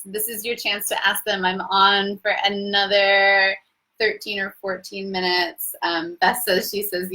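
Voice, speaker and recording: A young adult woman hosts a casual live-stream Q&A as a coach, her mid-range voice sharp in tone. She talks effusively and spiritually, laughing easily, though the recording is rough.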